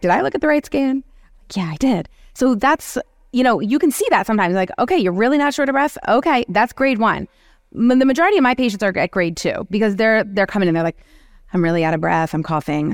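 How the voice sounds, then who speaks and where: A woman moderating a medical education panel, talking animatedly and acting out quick exchanges with patients. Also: mid-range voice, no echo, clean studio sound. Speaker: panel moderator, oncology clinician. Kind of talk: continuing-education panel discussion.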